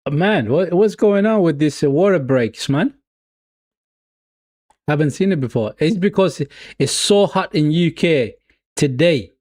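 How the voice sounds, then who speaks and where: A man with a Swedish accent streaming a live football watch-along, excitedly cheering on his team and chatting casually with viewers. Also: a little high, a little slow, pauses often, dry recording, studio quality. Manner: self-mocking, casual asides to viewers.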